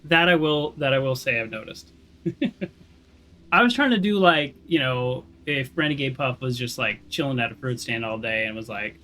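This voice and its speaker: A man's voice: mid-range voice, normal speed, pushed and bright. A man casually commenting while playing a video game, chatty and self-deprecating, thinking aloud with fillers and restarts. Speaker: gaming streamer. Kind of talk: casual let's-play commentary.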